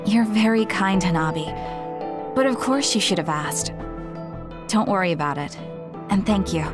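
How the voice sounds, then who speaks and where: A woman voicing a calm, reserved young woman in a video game, soft-spoken. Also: mid-range voice, moderate pace, natural voice. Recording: game audio with music behind.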